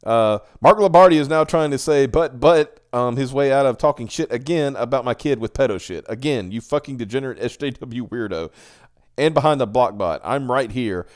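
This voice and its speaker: A man ranting on a casual livestream, swearing freely and sounding exasperated as he reads tweets aloud. His pitch swings around a lot, animated from phrase to phrase, and he keeps his delivery loose and chatty. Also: normal speed. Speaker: stream co-host.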